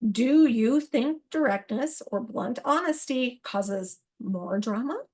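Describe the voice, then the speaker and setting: A fairly high-voiced woman hosts a solo astrology talk and addresses her listeners directly. She talks in an excitable, animated way, asking reflective questions and laughing at herself. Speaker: astrology podcast host.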